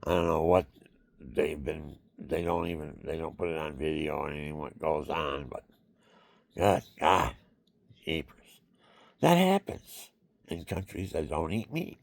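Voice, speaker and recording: A man's voice: a bass voice, animated, a little slow, creaky, no room sound, studio quality. A man talking in a rambling, repetitive monologue, now and then acting out other people's voices.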